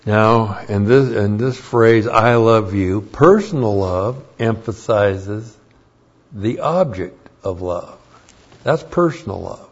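A man teaching a Bible lesson as a sermon, slow and deliberate, repeating key phrases for emphasis. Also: lowish voice, slightly rough. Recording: dull lo-fi recording.

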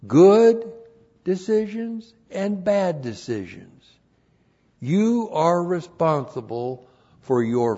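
Slow, deliberate male Bible teacher. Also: a little high, dark tone. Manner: deliberate, repeats each numbered point twice. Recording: dull lo-fi recording.

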